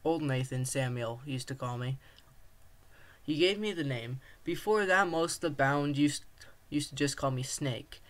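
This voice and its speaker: A friendly male rattlesnake speaks in a calm, explaining tone, as a man reading a story puts him on. His voice sits slightly high for a man. He sounds patient and matter-of-fact. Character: friendly talking male rattlesnake granting wishes.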